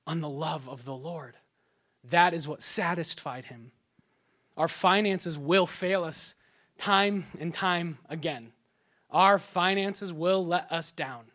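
A young adult man preaching a sermon, telling animated stories and dropping to a soft hush when he quotes someone. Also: a little high. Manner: animated storytelling, drops to soft hushed tones for quotes. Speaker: pastor.

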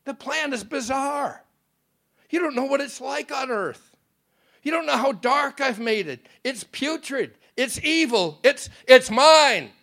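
A man voicing Satan, shrill and stammering. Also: big pitch swings, unhurried, fairly bright tone, exaggerated voice. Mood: indignant. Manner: pleading, stammering, shrill protest. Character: Satan, a cringing, indignant male fallen angel. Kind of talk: dramatic sermon storytelling.

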